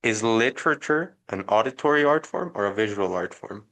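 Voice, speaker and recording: A man's voice: on the low side, lively intonation, normal speed, gravelly, bright, forceful tone. A man co-hosting a podcast in casual discussion, questioning the others and pushing back with counterexamples. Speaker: podcast co-host.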